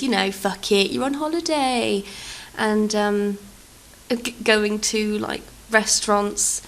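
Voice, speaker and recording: A British woman in her thirties talks in a loose, chatty way. She rambles with fillers and pokes fun at herself. Her voice sits at an everyday middle pitch. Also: slight background noise, rough recording. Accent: British English. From England. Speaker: vlogger. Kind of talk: casual storytelling over a game build.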